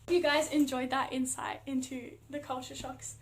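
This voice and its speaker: A young woman with an Australian accent talks casually to camera, her voice sitting notably high. She tells stories in a chatty, animated way, dropping plenty of fillers, with a faint hum behind her. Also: moderate pace. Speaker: athlete vlogger.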